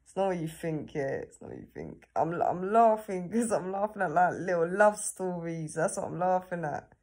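A vlogger talks casually to herself on camera, chatty and laughing often, ending her sentences with tag questions. Her lowish voice swings widely in pitch, is a little mellow, and moves at normal speed.

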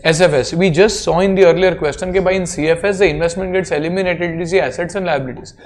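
A man's voice: high voice, fairly even intonation, fast. A man with an Indian accent giving a classroom accounting lecture, explaining step by step and checking in with students.

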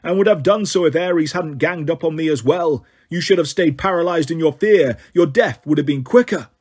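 A man's voice: fairly high pitch, darkish tone, husky. Mimas, a man voicing a gloating giant. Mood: mocking. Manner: slow gloating taunts. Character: boastful brutish male giant, mocking.

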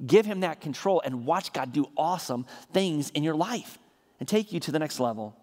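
A man preaching a sermon in a church sanctuary, his slightly high voice trailing off into a long reverb. He builds energy through emphatic repeated refrains and stumbles into quick restarts as he goes. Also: expressive, a little mellow. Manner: frequent stammered restarts. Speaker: pastor.

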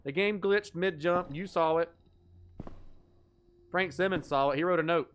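A man's voice: fairly high pitch, measured pace, a bit bright, slight background noise. A young adult man giving live gameplay commentary as a streamer, goofy and joking, swearing at his mistakes.

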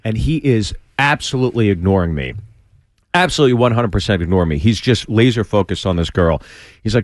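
A man's voice: low voice, fast, no room sound, studio quality. A man, a stand-up comedian, telling a story on a radio show and acting out the voices of the people in it, with lots of restarts. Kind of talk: animated storytelling. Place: radio studio. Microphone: studio mic.

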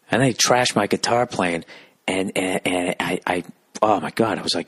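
A man ranting through a comic story on his podcast, swearing constantly and sounding exasperated. His voice sits low with a husky edge. The close, dry recording has no room sound. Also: fairly quick, dry recording. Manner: profane, animated, exasperated. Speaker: podcast host, comedian.

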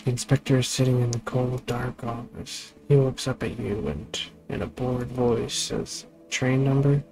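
A man's voice: medium pitch, unhurried, gravelly, over music, rough recording. A man hosting a gaming channel, reading a text adventure aloud and breaking off for casual asides about the game. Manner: reads game text, then chats in asides.

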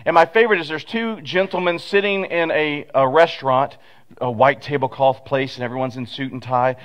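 A man's voice: a little high, brisk, a bit bright. A man preaching a conversational sermon as pastor, telling stories with asides and rhetorical questions, at a pulpit microphone in a church sanctuary.

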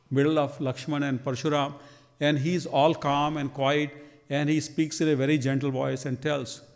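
A man recounts a devotional tale in a temple hall, slipping into the characters' voices for their lines. His voice sits a little high for a man, and the room gives it a long, ringing reverb. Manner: lively storyteller, acts out quoted dialogue. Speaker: temple speaker. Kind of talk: storytelling sermon.

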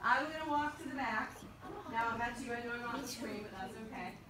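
A fairly high-voiced woman teaches a roomful of students, counting them in and drawing words out slowly as they read together. She sounds distant from the mic, her voice bouncing around a reverberant classroom with steady background noise. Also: crowd noise. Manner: animated, leads choral reading with slow drawn-out words and countdowns. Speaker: French teacher. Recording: echoey classroom from far off.

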